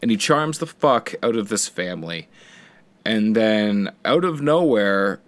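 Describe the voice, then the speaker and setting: Low-voiced rambling male podcaster. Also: animated, unhurried, no echo. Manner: rambling storyteller, swears freely, acts out quotes. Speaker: podcast co-host. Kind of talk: casual chat.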